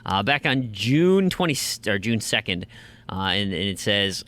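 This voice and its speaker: A man's voice: lowish voice, very animated, a little slow, fairly bright tone. A man hosting a casual podcast, chatty and joking as he reads out listener reviews and questions. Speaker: podcast host.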